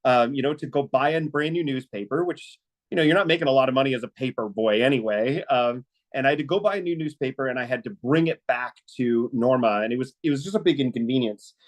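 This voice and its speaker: Man, mid pitch, earnest personal storyteller on a webinar, halting delivery. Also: low-quality recording. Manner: earnest, halting with many fillers and restarts. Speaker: webinar speaker.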